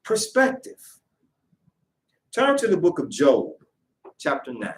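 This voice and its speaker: A man's voice: fairly high pitch, wildly swooping pitch, moderate pace. A man leading a Sabbath lesson, talking conversationally and checking in with rhetorical questions. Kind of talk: lesson with storytelling. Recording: roomy echo, mic at a distance.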